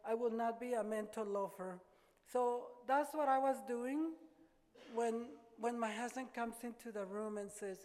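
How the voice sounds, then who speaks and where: An older woman giving an earnest, halting personal testimony at a recovery meeting, often repeating words as she gathers her thoughts. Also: fairly high pitch, a little mellow. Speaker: speaker sharing her recovery story. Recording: reverberant hall.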